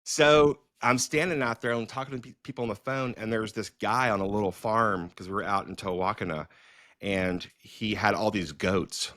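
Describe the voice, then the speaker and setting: A middle-aged man, a filmmaker hosting a podcast, telling stories in a casual, animated way with many fillers and restarts. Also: fairly low pitch, moderate pace, dry recording, clean studio sound. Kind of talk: casual storytelling conversation.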